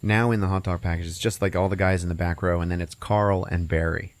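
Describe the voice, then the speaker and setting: A man hosting a podcast, casually recapping a movie's plot with lots of profanity and laughter, jumping into squeaky put-on voices for the characters. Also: fast talker, no echo. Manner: profane, laughing, animated storytelling. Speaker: podcast host.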